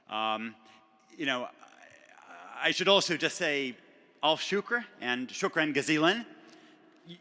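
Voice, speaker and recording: A man's voice: medium pitch, sharp tone. A middle-aged man giving a conversational, self-deprecating acceptance speech at a benefit dinner, with frequent fillers and restarts. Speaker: award recipient giving a speech. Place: large banquet hall at a benefit dinner. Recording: long hall reverb.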